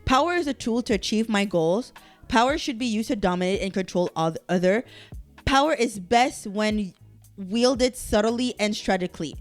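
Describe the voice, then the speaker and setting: A woman's voice: mid-range voice, expressive, normal speed, soft background music. A woman hosting a casual solo podcast, talking animatedly and swearing as she reacts to quiz results. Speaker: podcast host.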